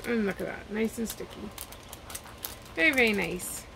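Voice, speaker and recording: A woman's voice: medium pitch, expressive, moderate pace, vocal fry, background noise. A woman chatting casually at home as she unboxes and reviews craft kits, rambling and trailing off mid-sentence.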